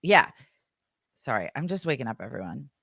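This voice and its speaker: Low-voiced woman telling a story. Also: sing-song, normal speed, fairly bright tone, slightly rough, dry recording, studio quality. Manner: chatty, filler-heavy, acts out quoted voices. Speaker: podcast co-host. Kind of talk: casual storytelling chat.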